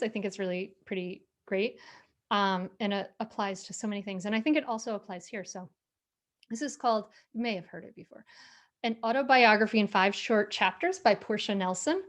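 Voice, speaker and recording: A woman coaching parents in a workshop talk, calm, with slow deep breaths between points.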